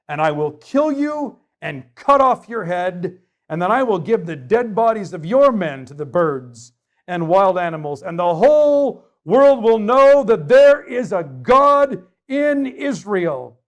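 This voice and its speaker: A man performing fervent young David, raised high voice, slow, booming, defiant.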